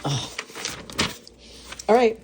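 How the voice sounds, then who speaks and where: Drawing out her words over some background noise, a woman tastes freshly unboxed baked goods in her home kitchen for her food vlog. She gasps, moans and gushes about each bite.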